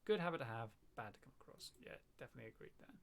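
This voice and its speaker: A man's voice: mid-range voice, big pitch swings, very fast, vocal fry. Young man, southern English accent, casual gaming chat, playful and jokey. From southern England. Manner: jokey, playful, throws in silly bits. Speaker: streamer.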